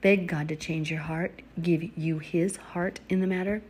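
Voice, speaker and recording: Earnest woman preaching, lowish voice. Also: steady tone, measured pace, darkish tone, husky. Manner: earnest, exhorting, with laughs and asides. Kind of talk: informal religious teaching.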